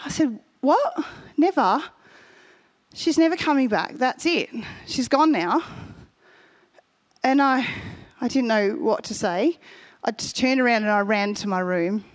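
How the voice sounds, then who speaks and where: A woman preaching a sermon, telling a personal story and asking the congregation questions. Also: fairly high pitch.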